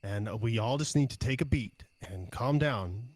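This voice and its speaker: A man voicing a calm male leader who tries to soothe a tense group in a measured way. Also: mid-range voice, no room sound, close to an everyday voice. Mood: placating. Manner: measured, placating.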